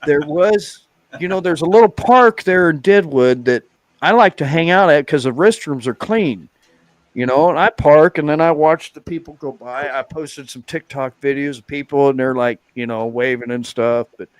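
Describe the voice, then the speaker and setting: A man's voice: on the high side, moderate pace, no room sound. A man on a live stream, telling rambling road stories in a casual chat, full of fillers and restarts. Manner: rambling storyteller, lots of "you know" fillers. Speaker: guest biker.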